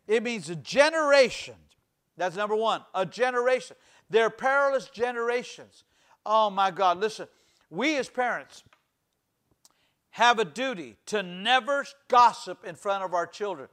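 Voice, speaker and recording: A middle-aged male pastor delivers a fervent sermon in a high, ringing voice. He leans into the scripture, voicing its people with conviction. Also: fairly bright tone.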